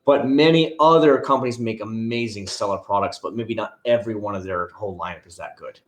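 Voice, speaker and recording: A man's voice: fairly low pitch, brisk, roomy sound. A man hosting a casual live stream, rambling in a chatty way and talking straight to his viewers by name, with many restarts and asides. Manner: talks directly to viewers by name. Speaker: live-stream host answering viewer chat.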